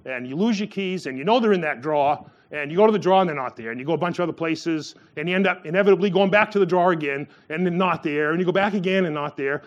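A man preaching in a relaxed, rambling manner, his voice sitting a little high for a man. He trails through fillers and restarts, then springs up in pitch whenever he acts out someone in a story. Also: quick pace, few pauses, lo-fi sound. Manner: acts out quoted voices with a sharp rise in pitch. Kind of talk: sermon.

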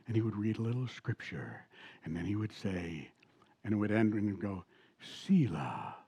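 A middle-aged man preaching a sermon in a church, talking conversationally, asking the congregation questions and reading scripture slowly. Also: mid-range voice, dry recording, lo-fi sound. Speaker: pastor. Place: church sanctuary.

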